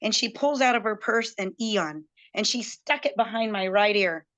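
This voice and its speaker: A woman guest telling a personal story in an excited, chatty way, acting out what others said to her. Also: medium pitch, normal speed. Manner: chatty, excitable, acts out quoted dialogue.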